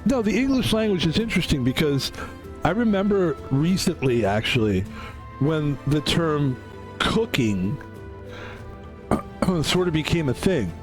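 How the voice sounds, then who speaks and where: A hoarse man still nursing his voice back, rambling and self-mocking as he chats through a live game stream. His speaking pitch sits a little high for a man. Faint music plays behind him. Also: big pitch swings, measured pace, pauses often. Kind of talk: casual live-stream chat while gaming.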